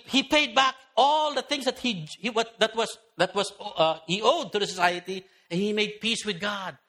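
A male pastor preaching a sermon, telling the story vividly and acting out voices from the crowd. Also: sits high. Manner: animated storyteller voicing crowd members.

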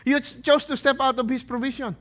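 A pastor preaches with a high, ringing voice. He keeps tossing questions to his listeners and punching out the answers himself, with plenty of emphasis. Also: fairly even intonation, fast, a bit bright. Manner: asks the congregation questions and answers them. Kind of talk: sermon.

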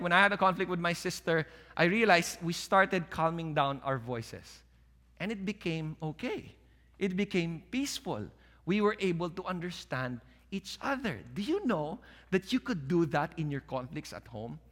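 Animated bright-voiced male preacher. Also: high voice, normal speed. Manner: animated preaching, drops to soft calm voice when quoting. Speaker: pastor. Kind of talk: sermon. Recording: long hall reverb.

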